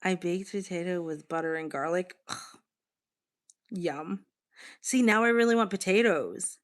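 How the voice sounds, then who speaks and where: On the low side and measured in pace, this voice belongs to a woman from Boston hosting a casual livestream. She talks frankly, reading viewers' messages aloud and reacting to each.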